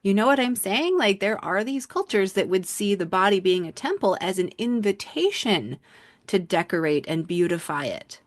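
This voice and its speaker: A woman co-hosting a casual podcast who talks frankly and swears freely. Her voice sits at a middling pitch and is recorded dry and close. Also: moderate pace, no room sound. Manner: frank, profane, animated. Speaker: podcast co-host.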